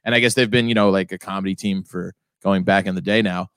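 A man's voice: low-pitched, fairly even intonation, fast talker, fairly bright tone, smooth, dry recording, clean studio sound. A man co-hosting a podcast in casual chat, rambling and laughing often. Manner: rambling, laughs often, slips into silly quoted voices. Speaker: podcast co-host.

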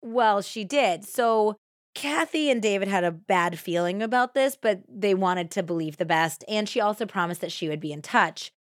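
A woman hosting a podcast, telling a true crime story in a conversational way and acting out quotes with lively shifts in tone. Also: medium pitch, moderate pace, dry recording, studio quality. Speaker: podcast host.

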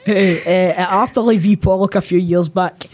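A man's voice: sits high, fairly even intonation, normal speed, a little mellow, a little hiss or hum. A Scottish man co-hosting a casual chat, trading sweary stories and laughing often. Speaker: podcast co-host.

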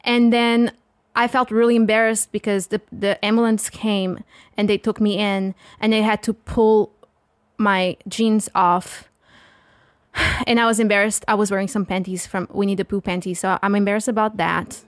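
A woman's voice: medium pitch, flat delivery, moderate pace, no room sound. Portuguese woman guest with a slight stutter. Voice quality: stutters at times. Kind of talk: casual chat.

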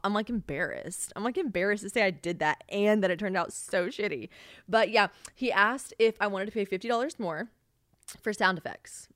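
A woman's voice: mid-range voice, fairly bright tone, no room sound. Chatty young woman, dry close sound. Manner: chatty, exasperated, swears freely, heavy use of "like". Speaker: podcast host. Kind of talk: casual solo chat.

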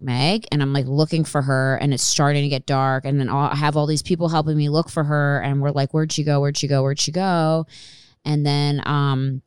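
Smooth-voiced woman telling a story. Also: low voice, darkish tone, dry recording, studio quality. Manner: emotional storytelling, heavy use of "like". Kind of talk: casual chat.

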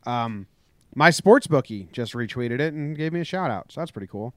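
A man co-hosting a podcast, retelling a baseball dispute in casual chat and acting out the shouting. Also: medium pitch, moderate pace, dry recording. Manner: animated storytelling, acts out shouted quotes. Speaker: podcast co-host.

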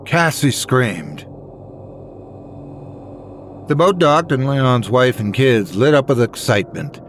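A man reading scary stories as a dramatic, expressive narrator. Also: medium pitch, slow, slight background noise. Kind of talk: scripted horror story narration.

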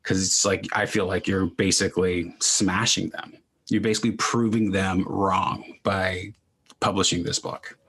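Brief: man, podcast host, deep husky voice, encouraging and affirming. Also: steady tone, a bit bright. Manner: encouraging, affirming, drawn-out thoughtful phrasing. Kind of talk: casual interview chat.

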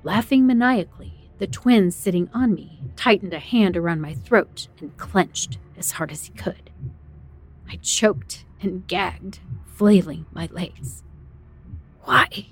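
Breathy woman narrating horror. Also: lowish voice, slow pace, darkish tone, faint music behind. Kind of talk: first-person horror story narration.

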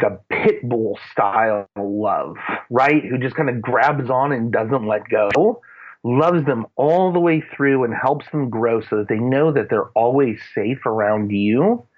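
A man sharing earnest, rambling faith-based parenting advice in casual chat, with plenty of fillers. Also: mid-range voice. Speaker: Christian parenting guest. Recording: phone-like narrow radio sound.

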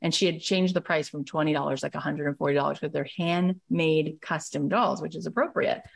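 Excitable woman coaching at full pace. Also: low-pitched, brisk, gravelly. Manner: excitable, emphatic, acts out quoted dialogue. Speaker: podcast host and business coach. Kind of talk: energetic motivational live talk.

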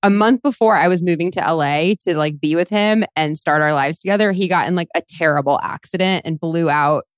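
A woman with a low-pitched voice talks candidly in a casual podcast chat, laughing and filling her sentences with likes. The sound is close and dry, with no room around her. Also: brisk, few pauses, clean tone, no room sound. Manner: candid, laughing, lots of fillers.

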